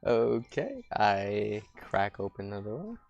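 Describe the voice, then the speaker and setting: A man's voice: fairly low pitch, big pitch swings, slow pace, vocal fry, dry recording, lo-fi sound. A man playing a tabletop game, answering in short, hesitant replies. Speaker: player. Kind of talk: casual tabletop play.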